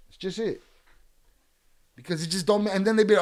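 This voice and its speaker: A man's voice: sits high, brisk, pauses often, a little mellow. A man, streaming and heatedly berating a viewer in chat, swearing hard. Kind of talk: angry livestream rant.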